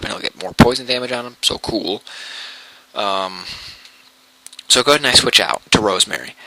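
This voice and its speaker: A man's voice: lowish voice, bright, forceful tone, no room sound, rough recording. A young man casually commentating his own game battle, rambling and correcting himself with lots of ums.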